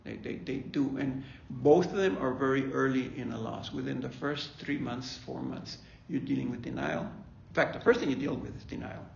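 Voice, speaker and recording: A man's voice: medium pitch, moderate pace, vocal fry, hardly any pauses, slight background noise. A man leading a faith-based bereavement talk, conversational, often repeating himself and checking in with "okay?". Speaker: grief ministry leader. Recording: echoey room, dull lo-fi sound.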